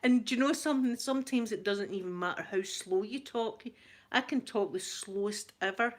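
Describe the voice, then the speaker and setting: A woman's voice: mid-range voice, moderate pace. A woman with a Glaswegian Scottish accent chatting casually on a live stream, laughing often and repeating herself as she answers viewers. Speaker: ASMR channel host answering live chat.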